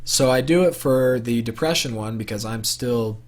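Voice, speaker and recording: A man's voice: medium pitch, moderate pace. A young man telling a personal story to camera for his vlog in a casual, rambling way, full of fillers and restarts. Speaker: vlogger.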